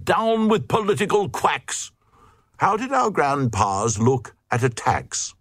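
A man's voice: animated, slow, breathy edge, no room sound, studio quality, full character voice. A man reading aloud, voicing a crowd of foolish townsfolk crying out indignantly in a raised voice. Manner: high indignant shouting.

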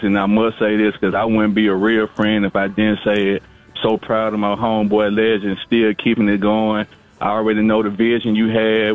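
A man calling in to a radio show, talking casually and haltingly and repeating his words. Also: on the low side. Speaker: caller. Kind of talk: casual phone-in chat. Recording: tinny phone line.

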